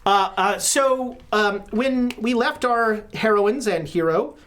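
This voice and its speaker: A woman's voice: fairly high pitch, animated, slow, slight background noise. A woman running a tabletop horror game as game master, chatty and full of joking asides.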